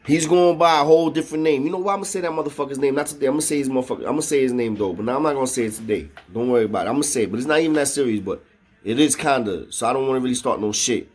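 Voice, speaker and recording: A man's voice: medium pitch, very fast, darkish tone. Slangy New man telling a story. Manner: slangy and profane, with frequent "know what I mean". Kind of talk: casual storytelling.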